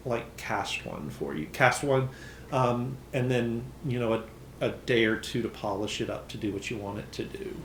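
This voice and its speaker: Relaxed man running a tabletop game. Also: mid-range voice, slight background noise. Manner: relaxed, with frequent ums. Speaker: game master. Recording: roomy echo.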